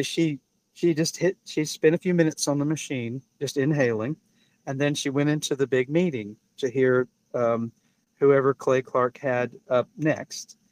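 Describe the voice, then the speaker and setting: A man telling stories in casual chat as a podcast guest, rambling and animated, often restarting and quoting people. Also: medium pitch, no echo. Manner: rambling, animated, many restarts and quoted voices. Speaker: podcast guest, product maker. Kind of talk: casual storytelling.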